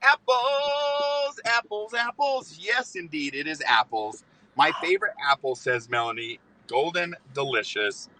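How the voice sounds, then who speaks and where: A man's voice: on the high side, animated, measured pace, pushed and bright, rough recording. A man hosting a live trivia stream, upbeat and playful as he reads questions, speaking from a vehicle. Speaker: trivia host.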